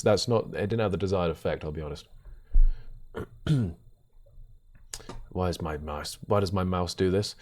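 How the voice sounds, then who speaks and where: A young man talks live to his stream audience from a desk mic. He jokes constantly, breaks into laughter and lets his voice leap up and down. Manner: joking, animated, laughs often and swings in pitch.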